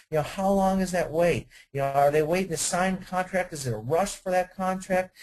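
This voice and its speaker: Car sales staff hear a webinar from a dealership sales trainer whose voice is high-pitched. The man is energetic and conversational and throws out many rhetorical questions, all on poor-quality audio.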